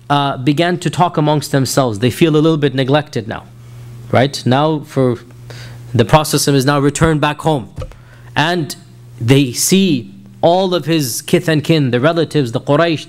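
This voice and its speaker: A man with an American accent giving a recorded lecture, explaining earnestly and rising to emphatic rhetorical questions. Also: on the high side. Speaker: Islamic lecturer.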